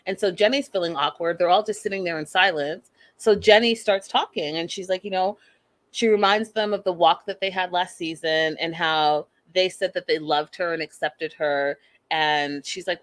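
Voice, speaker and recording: A woman's voice: on the low side, moderate pace, no echo. A woman hosting a casual live recap show, chatting and reading viewer comments with exasperation. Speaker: podcast host recapping a reality show.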